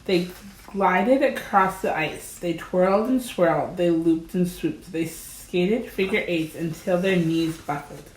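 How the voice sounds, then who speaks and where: Lady slowly reading a kids storybook, gentle, echoey room. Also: fairly low pitch, slight background noise. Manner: slow, gentle and deliberate. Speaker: storybook reader. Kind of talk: children's story read-aloud. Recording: roomy echo.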